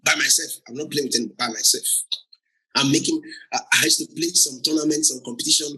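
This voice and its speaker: A man's voice: fairly high pitch, quick pace, pushed and bright, husky, low-quality recording. A man preaching a sermon who laughs often and repeats phrases for emphasis, with a Nigerian accent. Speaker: pastor.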